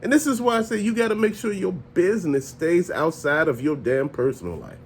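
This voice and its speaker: A man hosting a casual vlog, ranting in an animated, profane, conversational way and often laughing as he talks. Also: high voice, brisk. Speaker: toy channel host.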